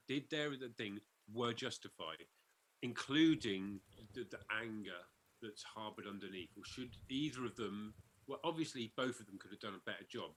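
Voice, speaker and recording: A man co-hosting a podcast who talks casually about a film, pausing and searching for words as he explains his view. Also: medium pitch, a bit bright. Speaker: podcast co-host. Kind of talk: casual film review chat.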